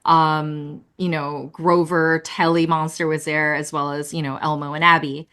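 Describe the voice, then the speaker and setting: A woman puppeteer, a guest on a video-call interview, telling lively stories with lots of laughter and fillers. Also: low voice, a little slow, clean tone. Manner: animated, laughing, many fillers. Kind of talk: casual interview storytelling.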